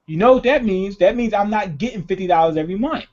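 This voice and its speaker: Young guy ranting about his money troubles, swearing a lot, kinda high voice, dull lo-fi audio. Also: fast. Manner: profane, animated storytelling with acted-out quotes. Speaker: podcast host. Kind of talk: casual chat. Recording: dull lo-fi recording.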